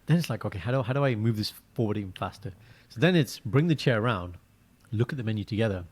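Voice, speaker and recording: A young man co-hosting a casual podcast, telling animated stories and acting out quotes in a high voice. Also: quick pace, slightly rough. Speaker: podcast co-host. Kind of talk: casual chat.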